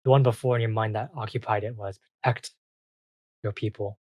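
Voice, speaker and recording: A game master narrating a tabletop game in a loose, halting way with many fillers. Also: medium pitch, fairly even intonation, a little mellow, no echo.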